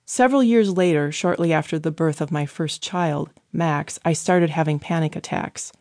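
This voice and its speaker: A woman giving an earnest, measured first-person audiobook narration on a close studio microphone. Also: low-pitched, darkish tone, no room sound.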